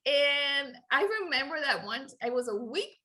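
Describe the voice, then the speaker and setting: Bright, high-voiced woman telling a story. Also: normal speed. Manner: lively, laughs often, acts out quoted dialogue. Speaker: podcast guest. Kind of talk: casual storytelling.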